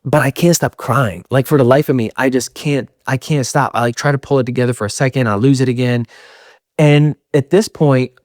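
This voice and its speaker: A man's voice: mid-range voice, steady tone, a little fast, darkish tone, dry recording, studio quality. A young man telling a personal story in a casual, rambling way, full of fillers and quoted self-talk. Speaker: podcast host telling a story.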